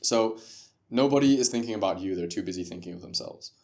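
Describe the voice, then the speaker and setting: A man's voice: lowish voice, quick pace, darkish tone. A man who is a guest on a podcast, talking about entrepreneurship and content creation in an emphatic way, with rhetorical questions and frequent laughs. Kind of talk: casual podcast conversation.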